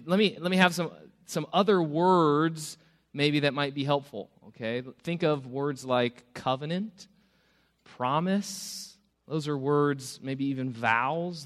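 Man, pastor, casual sermon, mid-pitched voice, long church reverb. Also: a bit bright. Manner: conversational, self-interrupting, light humor.

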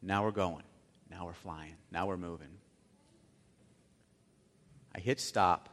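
Telling his sermon as a vivid story, a male pastor with a fairly low voice swings between loud bursts and near-hushed asides at a slow pace and fairly even intonation. A large hall's long, ringing reverb trails after his words.

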